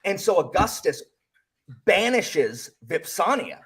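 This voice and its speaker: A man hosting a casual book club chat, rambling excitedly with lots of fillers and restarts. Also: high voice, slow, breathy edge. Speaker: book channel host.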